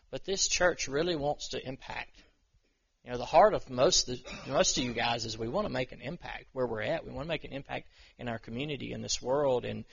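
A man's voice: mid-range voice, creaky, a bit bright, breathy edge, muffled recording. A man giving an informal, conversational sermon to a small church group, self-deprecating and full of restarts. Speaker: pastor.

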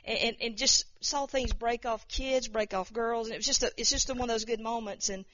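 Casting note: high-voiced woman, rambling testimony, dull dry recording. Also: fairly even intonation, brisk, a bit bright, dry recording. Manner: rambling, repeats words, acts out quoted voices. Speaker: speaker sharing a testimony. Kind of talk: informal testimony talk.

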